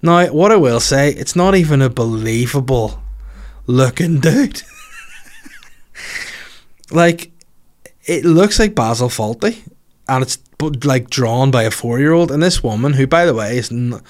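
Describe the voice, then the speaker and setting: A man's voice: mid-range voice, expressive, a little slow, long pauses. A man hosts a podcast in a loose, casual way. He jokes irreverently and swears freely while reading out listener stories, in an ordinary mid-range voice. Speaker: podcast host.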